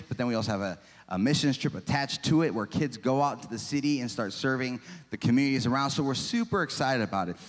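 A man in his forties preaching a sermon, chatty and self-deprecating, with lots of rhetorical questions. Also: medium pitch. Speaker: pastor. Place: church sanctuary. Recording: long reverb of a church hall.

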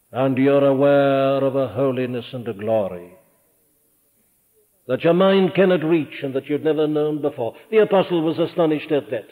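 Older Welsh preacher in an echoing hall. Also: male voice. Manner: earnest, rising to fervent emphasis then dropping low. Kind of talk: sermon. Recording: tinny archival church sermon recording with long hall reverb.

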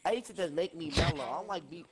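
A man's voice: on the high side, animated, quick pace. A young man chatting bluntly and profanely with friends in a game voice chat over a headset. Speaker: gamer in party chat. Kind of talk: casual trash talk.

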